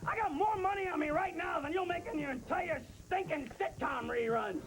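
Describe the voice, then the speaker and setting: A man's voice: very high-pitched, fairly quick, a bit bright, soft background music, pitched above the performer's own voice. A stand-up comedian voicing a brash, boastful rich suitor who taunts and shows off his money. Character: brash rich loudmouth suitor, adult man. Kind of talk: comedy sketch with put-on voices.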